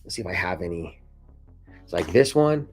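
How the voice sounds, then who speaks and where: Husky with some vocal fry, this twenty-something vlogger talks at normal speed into his camera mic as he displays his scars, faint music behind him. He curses casually, says dude and bro, and performs quoted lines in a far higher, excited voice.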